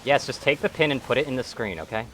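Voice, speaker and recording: A man's voice: medium pitch, expressive, fast, fairly bright tone. A man streaming a game, chatting casually and teasing his friends sarcastically. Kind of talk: casual chat while gaming.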